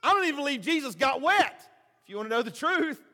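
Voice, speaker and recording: A man preaching a sermon, passionate, swinging between loud emphasis and quiet, low asides. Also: big pitch swings, fast. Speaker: pastor. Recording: hall reverb.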